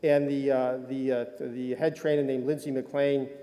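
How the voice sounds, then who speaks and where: A man's voice: medium pitch, level tone, moderate pace, mellow. An older man, a sports medicine doctor, giving a rambling, self-deprecating conference talk full of fillers. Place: lecture hall. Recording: reverberant hall.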